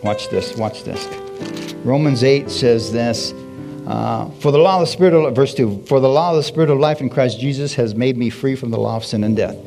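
Animated male preacher, soft music underneath. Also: medium pitch, moderate pace, gravelly. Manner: animated preaching with call-and-response, repeated "Hallelujah". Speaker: pastor. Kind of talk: sermon. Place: church service. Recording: faint music behind.

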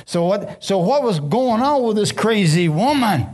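A man's voice: sits high, very animated, unhurried, a little mellow. A man preaching a sermon as pastor, telling stories and putting questions to his audience.

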